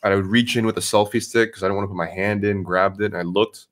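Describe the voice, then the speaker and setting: Low-voiced male streamer, animated and profane storyteller. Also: quick pace. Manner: animated storyteller, swears freely. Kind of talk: casual chat.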